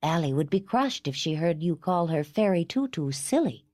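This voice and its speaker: A gentle young mother, numb inside, voiced by a female narrator, speaks quietly and evenly in a lowish voice. Every word is measured and composed. The audiobook sound is dry and close. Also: sing-song, dry recording. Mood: calm.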